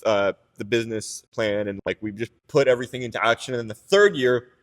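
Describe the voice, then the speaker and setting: Young man, casual podcast chat, rambling with restarts, mid-pitched voice, long room reverb. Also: fairly quick. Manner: rambling, many "like"s and restarts, candid, swears. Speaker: business owner telling his story.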